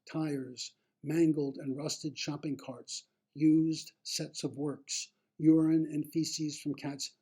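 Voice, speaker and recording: A man reading his own memoir aloud, slow and deliberate in the first person. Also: a little high, mellow, husky.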